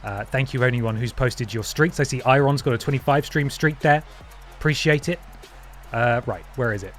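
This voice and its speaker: A man's voice: medium pitch, normal speed, faint music behind. A man hosting a live stream, chatting casually and thanking viewers one by one by name, often trailing off and restarting mid-sentence. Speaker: livestream host.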